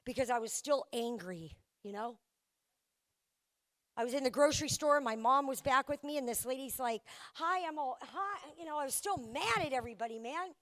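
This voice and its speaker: A young woman speaks to a live recovery meeting, her voice sitting high. She tells her story candidly and with humor, often restarting her sentences as she goes. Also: lively intonation, fairly quick, fairly bright tone. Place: event venue before a live audience.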